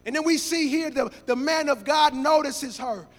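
A man preaching with a strikingly high voice and a fervent delivery. He climbs into shouts and half-sung lines. Long reverb from the church hall rings around every word. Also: normal speed. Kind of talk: sermon.

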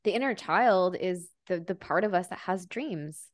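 A woman with a fairly low voice hosts a podcast conversation. She speaks in a chatty, openly emotional way, with lots of casual fillers. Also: animated, moderate pace, dry recording, studio quality. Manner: chatty, emotional, says "like" often. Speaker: podcast host.

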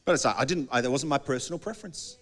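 A man's voice: medium pitch, racing, a bit bright. A male pastor preaching a sermon in a conversational way, often acting out small dialogues.

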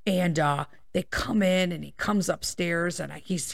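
A woman's voice: on the low side, steady tone, normal speed, creaky. Woman telling a rambling, swear-filled story. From Chicago area, USA. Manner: swears a lot, rambling tangents, keeps checking in with "okay?" and "right?". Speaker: podcast host. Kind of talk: casual personal storytelling.

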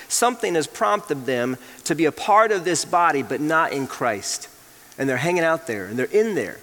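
A man's voice: a little high, sing-song, moderate pace, fairly bright tone, in a large hall. A male pastor preaching a sermon, reading scripture aloud and explaining it verse by verse.

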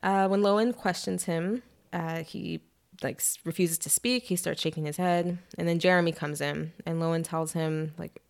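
A young woman casually retelling a novel on a chat podcast, animated, with quick asides and lots of "like". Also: low voice, vocal fry.

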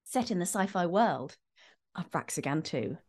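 A woman's voice: lowish voice, sing-song, noisy background. A woman hosting a tabletop game podcast, talking casually and laughing often. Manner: bubbly, quick, laughs often. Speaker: podcast host. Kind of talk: casual group chat, introducing a game.

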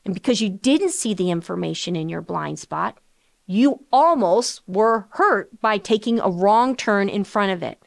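A middle-aged woman hosting a financial planning show, talking in a chatty, animated way with rhetorical questions. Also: medium pitch, measured pace, creaky, no room sound, studio quality. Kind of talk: conversational radio-style finance talk.

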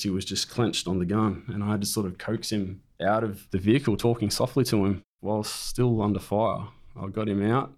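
A man's voice: lowish voice, darkish tone. A man, a military veteran, bluntly recounting a combat ambush in conversation and swearing freely.

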